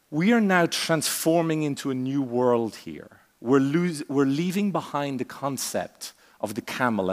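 A man giving a conference keynote speech on a stage, with a theatrical, varied delivery, long pauses and punchy asides. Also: mid-range voice, in a large hall. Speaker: keynote speaker.

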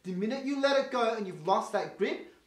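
High-voiced man coaching singing. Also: expressive. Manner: quick, chatty coaching, demonstrates with vocal sounds. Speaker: singing teacher. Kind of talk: vocal lesson with sung demonstrations. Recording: roomy echo, faint guitar behind.

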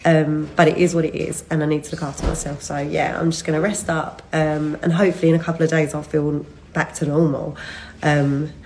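Talking a little fast in a low, slightly mellow voice with flat delivery, a woman in her thirties updates followers by phone video, rambling and laughing mid-sentence. She's worn out from being ill, and the low-quality recording picks up slight background noise.

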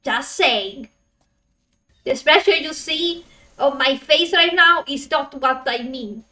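A woman streamer chatting casually with her viewers while she plays, excitable, laughing often and swearing when frustrated. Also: high voice, slow, far from the mic. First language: Italian. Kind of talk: casual live-stream chat while gaming.

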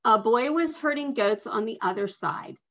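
A woman slowly and expressively reading a picture book aloud to children over a video call. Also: on the high side. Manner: slow, expressive storytelling with soft asides. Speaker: guest reader. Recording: dull lo-fi video call audio.

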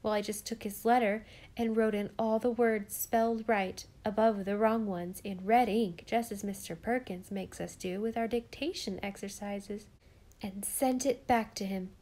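A woman's voice: medium pitch, fairly even intonation, normal speed, dark tone, natural voice. A woman reading an audiobook, voicing a sensible, earnest young girl. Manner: earnest, sometimes indignant.

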